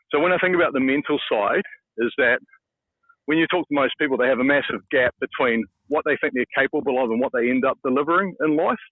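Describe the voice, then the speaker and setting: A man's voice: mid-range voice, no echo. A man with a New Zealand accent, a mental skills coach, talking in a laid-back, self-deprecating way in a casual interview over the phone. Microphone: phone call. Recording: tinny dry phone line.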